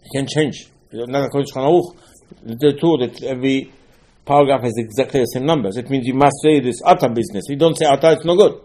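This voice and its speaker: A man's voice: mid-range voice, fast, mellow. A man giving a Torah lesson, asking rhetorical questions and mixing Hebrew terms into his English. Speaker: rabbi teaching a Torah class.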